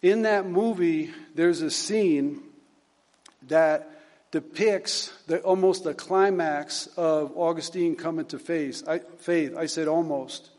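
A man preaching a sermon, retelling a story and reading scripture in a halting way, with many repeated words and fillers. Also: a little high, a little mellow, in a large hall.

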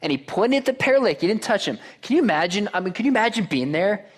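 A man's voice: high voice, fast talker, breathy edge. A man preaching a sermon to a congregation, reading verses aloud and putting questions to the crowd. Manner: animated, asks the crowd questions. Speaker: pastor.

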